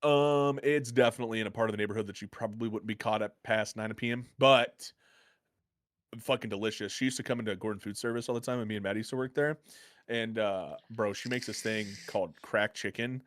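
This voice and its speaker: An American man telling a rambling, profane story in a casual podcast chat, getting excited as he goes. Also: lowish voice, a little fast, no room sound. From United States. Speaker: podcast co-host.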